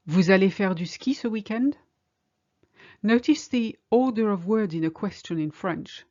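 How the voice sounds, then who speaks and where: A woman teaching a French lesson in English, speaking clearly and slowing down to model French phrases. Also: mid-range voice, expressive, dark tone, highs cut off. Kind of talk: language lesson.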